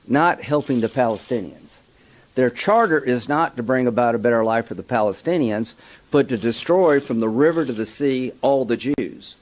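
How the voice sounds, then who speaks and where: A man delivering a forceful political speech, building from measured points to emphatic outrage. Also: mid-range voice. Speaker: lawmaker giving a speech.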